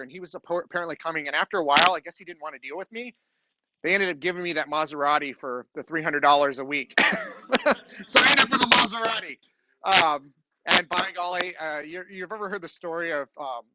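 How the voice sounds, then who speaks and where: A man's voice: fairly high pitch, very noisy. A middle-aged man, a university lecturer, telling a story in a classroom lecture and often asking "okay?". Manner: chatty storytelling, frequent "okay?" check-ins.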